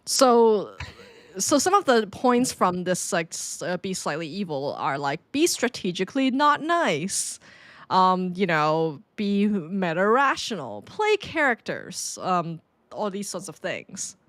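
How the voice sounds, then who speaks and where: A woman co-hosting a podcast in casual chat, animated and laughing often, with many fillers. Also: fairly low pitch, takes it slowly, no room sound. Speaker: podcast co-host.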